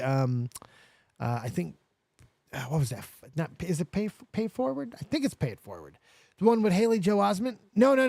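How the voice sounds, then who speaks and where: With a high-pitched voice and no echo on the recording, a man in his forties from Las Vegas tells a casual story while hosting a livestream. He's animated and swears a lot, acting out both sides of the dialogue.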